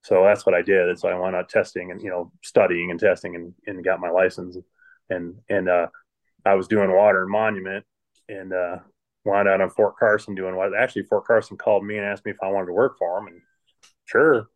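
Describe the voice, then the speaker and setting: A man's voice: deep voice, flat delivery, brisk. A middle-aged man from Michigan, a water plant manager, casually telling stories about his work life in an interview, rambling along with many restarts.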